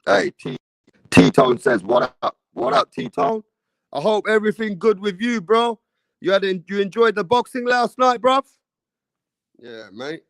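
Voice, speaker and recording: A man's voice: high voice, animated, measured pace, vocal fry, no room sound. A man from England, hosting a casual live boxing chat stream and reading viewer messages. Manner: casual, chatty, slangy, keeps addressing viewers. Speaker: boxing show host.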